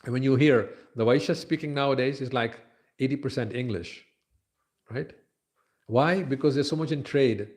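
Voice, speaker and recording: A man giving a conversational scripture lecture at a temple, with frequent fillers and pauses. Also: mid-range voice, darkish tone.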